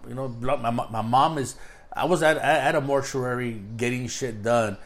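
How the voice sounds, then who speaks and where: A man's voice: mid-range voice, fairly even intonation, moderate pace. A middle-aged man in casual chat, telling family stories with lots of swearing and sudden bursts of animation.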